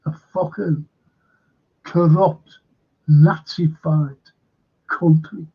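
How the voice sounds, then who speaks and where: A man's voice: fairly high pitch, fairly even intonation, drawn-out words, husky, phone-quality sound. A man hosting a livestream show, rambling and indignant, swearing as he reads out viewer comments and reacts. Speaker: show host. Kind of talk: casual livestream rant.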